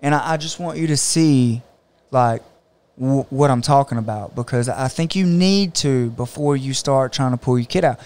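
Male jiu-jitsu coach, casual podcast talk, smooth clear voice, animated storyteller. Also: medium pitch, normal speed. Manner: animated storytelling, acts out other people's words.

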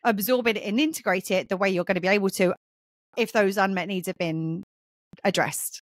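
A woman's voice: mid-range voice, moderate pace, no room sound. A woman hosting a podcast, explaining earnestly in a casual conversational way, with frequent fillers and restarts. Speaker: podcast host and mentor.

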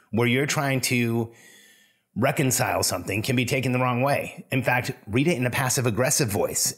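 A man's voice: mid-range voice, breathy edge. A man hosting a solo podcast, earnestly telling a story and giving advice. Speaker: podcast host.

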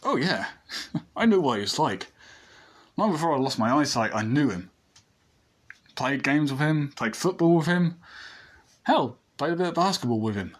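A man's voice: fairly high pitch, very animated, normal speed, pauses often. Man voicing a laid-back blind teenage boy. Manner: rambling, laid-back, self-correcting. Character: blind teenage boy, easygoing, fond of his friend.

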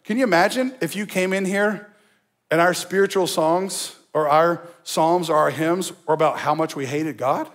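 A man's voice: on the high side, moderate pace. A male pastor preaching a sermon in a conversational, emphatic way, with asides to the congregation. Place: church.

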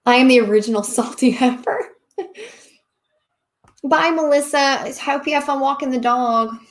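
Lady chatting on a livestream, chatty and giggly, voice a bit high. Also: normal speed. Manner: chatty, laughs often, thanks viewers. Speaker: livestream host, craft seller. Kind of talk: casual live Q&A chat.

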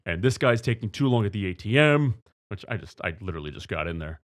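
A man's voice: fairly low pitch, sing-song, quick pace. A man co-hosting a studio podcast, telling a story casually, acting out voices and swearing freely. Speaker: podcast co-host. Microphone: studio mic.

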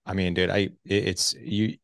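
A man in his forties, a podcast guest telling his story in casual conversation, animated and acting out quoted dialogue. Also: deep voice, moderate pace, vocal fry. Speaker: podcast guest, fatherhood coach.

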